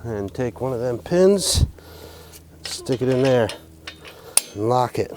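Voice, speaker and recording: A man's voice: mid-range voice, expressive, slow pace. Man, farm vlog host, muttering and swearing through tractor work outdoors, noisy background. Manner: profane, joking, muttering to himself. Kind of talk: casual narrated self-talk while working.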